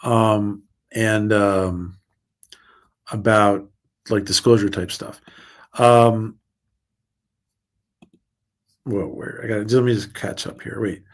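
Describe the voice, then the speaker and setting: A fairly low-pitched man hosts a relaxed livestream and chats loosely with viewers as he reads their comments. He rambles, restarts his sentences often, and stays upbeat throughout. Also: slow, pauses often. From United States. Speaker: livestream host. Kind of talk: casual livestream chat reading viewer comments.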